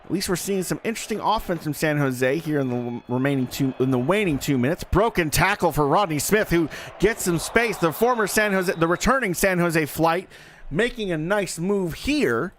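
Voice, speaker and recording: Folksy man calling plays, high voice. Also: expressive, moderate pace, slight background noise. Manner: folksy, jokey, talks to the audience. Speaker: play-by-play commentator. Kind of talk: live play-by-play commentary.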